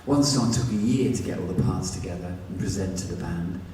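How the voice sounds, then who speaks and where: A man's voice: deep voice, fairly quick, mellow, slight background noise. A man reading his own novel aloud in the first person, with a wry, conversational delivery. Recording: echoey hall from far off, faint ambience.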